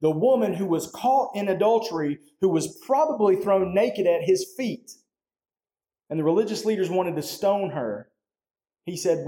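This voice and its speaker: A man delivers a sermon in a loose, conversational way, tossing in "right?" after his points. His voice sits somewhat high for a man but sounds mellow and warm. The sound carries a roomy echo, as though the sermon is picked up in a church hall. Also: lively intonation, moderate pace. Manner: conversational, often tags "right?". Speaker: pastor.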